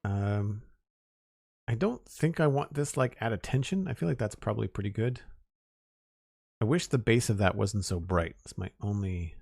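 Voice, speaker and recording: A low-pitched man with a gravelly, creaky edge talks through his building choices on a live stream, easygoing and thinking aloud. His voice is a little hoarse, as if he is losing it. The sound is dry and close, with no room echo. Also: normal speed. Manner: relaxed, thinking aloud with small restarts. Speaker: game streamer. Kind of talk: casual live-stream commentary while building.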